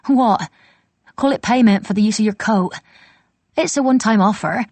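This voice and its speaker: A woman voicing a brisk, sharp-tongued young woman who talks in a quick, teasing, blunt way. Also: a little high, no room sound, pitched above the performer's own voice.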